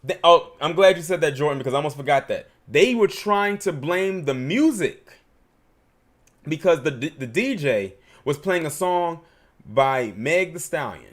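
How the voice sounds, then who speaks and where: A man's voice: on the high side, expressive, a little slow. A man hosting a livestream, giving emphatic, opinionated commentary and reading super chats.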